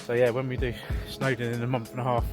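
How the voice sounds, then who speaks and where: A man's voice: medium pitch, monotone, quick pace, music in the background. A man, vlogging to camera on a hillside trail, chatty and rambling, out of breath from the climb, on a handheld camera. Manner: chatty, rambling, self-deprecating. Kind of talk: casual vlog talk to camera. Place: outdoor hillside walking trail.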